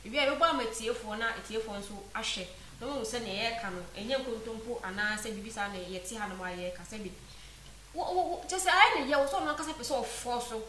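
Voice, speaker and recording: A woman with a Ghanaian accent hosts a chat show in a higher, bright voice. She asks prompting questions and lays out her view steadily. The room is echoey, with a faint hiss behind her. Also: fast talker. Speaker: show host. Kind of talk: casual chat show discussion.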